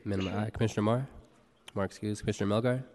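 A low-voiced man reads roll call and public notices at a quick clip, his tone dark and mellow. He is a board clerk who keeps things procedural. The sound carries a long reverb from a large council chamber. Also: steady tone. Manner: brisk, procedural reading. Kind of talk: reading roll call and announcements.

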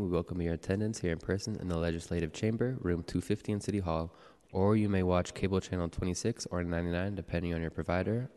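Deep-voiced clerk reading the roll. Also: male voice, dark tone. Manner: formal, measured reading. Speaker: board clerk. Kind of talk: reading roll call and announcements. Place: city hall legislative chamber. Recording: echoey chamber with long reverb.

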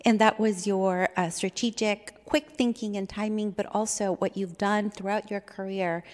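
A woman's voice: medium pitch, fairly even intonation, moderate pace, darkish tone. A woman on a government board giving a heartfelt, unscripted tribute, speaking emotionally with many fillers. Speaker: board supervisor. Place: government meeting chamber. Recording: long reverb of a meeting chamber.

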